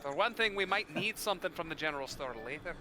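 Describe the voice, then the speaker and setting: A man's voice: a little high, quick pace, poor audio. A man playing in a tabletop game, chatting casually and joking with the group. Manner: joking, animated. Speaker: player.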